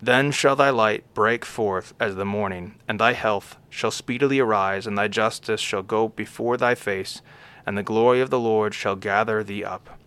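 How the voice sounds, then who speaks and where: A man reading an old homily aloud in a measured way, naming each scripture source after he quotes it and now and then stumbling and correcting himself. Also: fairly low pitch, fairly bright tone, smooth. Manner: occasional stumbles and self-corrections. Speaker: reader of a homily.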